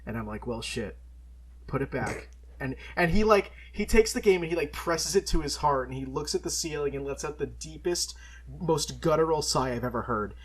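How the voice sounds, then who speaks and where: A young man co-hosting a podcast, telling an anecdote with animated energy, laughing often and swearing casually. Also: on the high side, a little fast, slightly rough. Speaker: podcast co-host.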